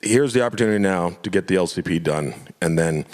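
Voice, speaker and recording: A man's voice: sits low, quick pace, a little mellow, in a large hall. A man from Florida, an elected official, making impassioned public remarks at a club meeting, emphatic and prone to repeating himself.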